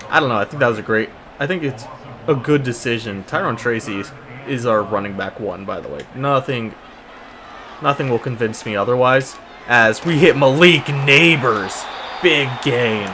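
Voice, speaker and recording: A man narrating his football video game in a casual, exasperated running commentary, groaning at his own team's mistakes. His voice sits at an ordinary middle pitch, and there is a steady hiss of noise behind him throughout. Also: moderate pace. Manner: exasperated, sarcastic play-by-play with frequent restarts. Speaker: gaming YouTuber.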